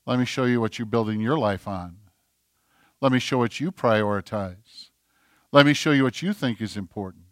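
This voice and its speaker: A man acting out God as a gentle, patient fatherly figure, speaking softly and lower than his own voice. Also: moderate pace, no room sound, studio quality, natural voice. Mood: gently challenging.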